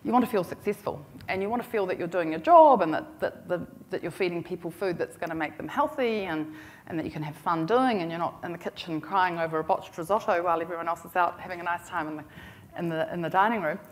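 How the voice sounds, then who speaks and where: A woman's voice: lowish voice, fast. A middle-aged woman with a New Zealand accent telling a business story at a conference in a chatty, self-deprecating, humorous way. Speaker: conference speaker.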